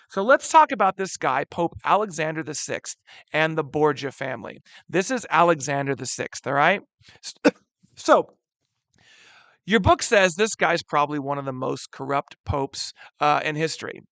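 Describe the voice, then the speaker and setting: A man teaching a history lesson in a casual, animated way, using slang and often calling his students "guys.". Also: a little high, no echo. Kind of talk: casual classroom lecture.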